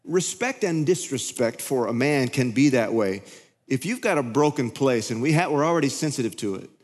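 A male pastor giving a conversational, animated sermon and acting out the voices in his head, in a church sanctuary. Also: medium pitch, normal speed. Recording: echoey hall.

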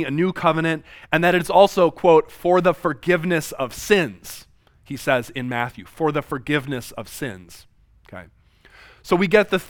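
A man in his thirties giving a classroom lecture, his voice sitting a little high for a man. He reads passages aloud and acts out quoted exchanges with lively swings, and the sound is dry and close. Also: no room sound. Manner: animated, acts out quoted dialogue.

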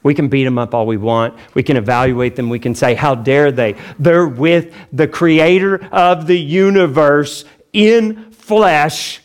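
A pastor delivers a sermon in a chatty, joking manner, acting out quotes with big swings in pitch.

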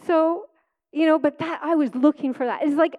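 A woman with a bright, high-pitched voice shares her testimony from the pulpit. She tells it like a chatty story, laughing often as she goes. She sounds middle-aged. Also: moderate pace, narrow, tinny audio. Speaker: preacher. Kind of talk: personal testimony sermon.

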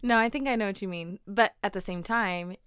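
A woman's voice: mid-range voice, a little fast, a bit bright, clear, resonant tone, dry recording, studio quality. A young woman co-hosting a casual chat podcast. She is playful and laughs a lot. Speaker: podcast co-host.

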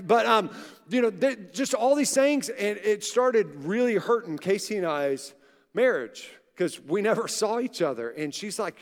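A male pastor in his forties delivers a sermon as relaxed storytelling and acts out the people he quotes. His voice sits fairly high for a man. The live recording carries the long reverb of a large church auditorium. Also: moderate pace. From Oklahoma.

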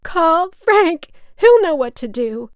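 A woman's voice: mid-range voice, slow, a little mellow, no echo, studio quality. A woman voicing her drunk, distraught older mother, who slurs her words and shrieks. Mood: shrieking. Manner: slurred, shrieking, childlike.

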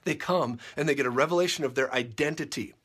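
A man preaching a sermon, insistent and repetitive, dropping quiet and then rising to shouts. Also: medium pitch, fast, husky.

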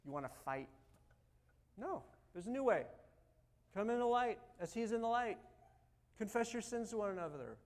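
Animated high-voiced male preacher. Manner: animated, swings from loud urging to soft quiet asides. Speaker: pastor. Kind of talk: sermon.

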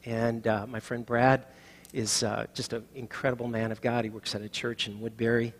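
A middle-aged male pastor giving a sermon and telling stories, rising to loud proclaiming and dropping to soft, near-whispered lines. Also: mid-range voice, flat delivery, moderate pace. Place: church sanctuary.

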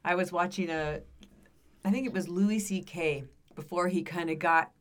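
A woman's voice: lowish voice, normal speed. A middle-aged woman in casual chat, candid and loose, often chiming in with agreement.

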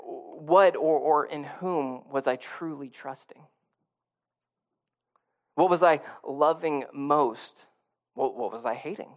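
A man's voice: a little high, slow, pauses often. A male pastor preaching a sermon in a conversational way, often repeating and restarting phrases and building to emphatic peaks.

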